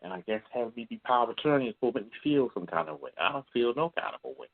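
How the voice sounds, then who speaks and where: A man's voice: mid-range voice, expressive, rapid-fire, creaky. Blunt profane man on a phone line. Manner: blunt, profane storytelling, acts out quoted voices. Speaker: caller. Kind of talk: call-in confession.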